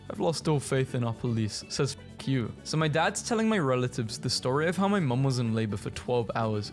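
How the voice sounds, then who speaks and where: A man narrating a comedy clip, reading out funny posts and adding dry, joking asides. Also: medium pitch. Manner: wry, joking asides after each read-out.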